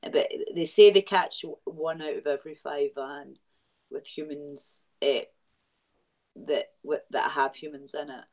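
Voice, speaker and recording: A woman with a Glaswegian accent, a guest in a casual chat, blunt and animated and swearing freely. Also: sits low, a little slow, rough recording. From Scotland.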